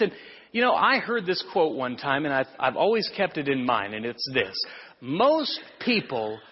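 A pastor preaching a sermon in a conversational, storytelling way with rhetorical questions. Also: male voice, fairly high pitch, breathy edge. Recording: muffled sound in a reverberant hall.

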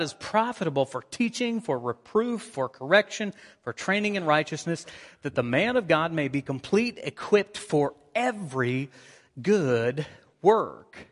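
A man delivers a lively sermon from the pulpit, reading passages and calling on listeners. His voice sits a little high for a man. The sound carries a long church reverb. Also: a little slow. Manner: energetic preaching, reads scripture aloud, engages congregation. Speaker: pastor. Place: church sanctuary.

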